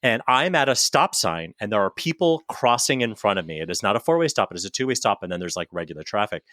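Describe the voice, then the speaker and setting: A man in his thirties co-hosting a podcast, telling a story in casual chat with an animated, profane, self-mocking manner. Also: lowish voice, quick pace, no room sound, studio quality. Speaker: podcast co-host.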